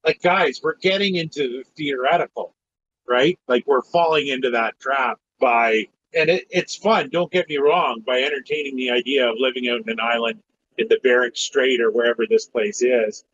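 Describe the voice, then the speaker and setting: Brief: mid-pitched man, practical and encouraging, muffled lo-fi line with faint hiss. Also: moderate pace, fairly bright tone. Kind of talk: casual podcast discussion. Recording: dull lo-fi mic with faint noise.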